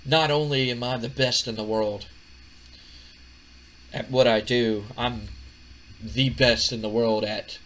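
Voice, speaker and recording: A man's voice: fairly low pitch, completely flat delivery, measured pace, few pauses, a little hiss or hum, natural voice, poor audio. A man voicing a boastful, smarmy wrestling champion who is full of himself.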